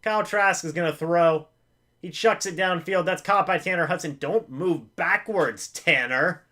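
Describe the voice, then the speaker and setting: A man with a fairly high voice hosts a live reaction to a game. He calls the plays excitedly and begs the players not to mess up. He jokes about the pain of losing. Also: measured pace. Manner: excitable, pleading with players, self-mocking humor. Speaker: live-stream reaction host.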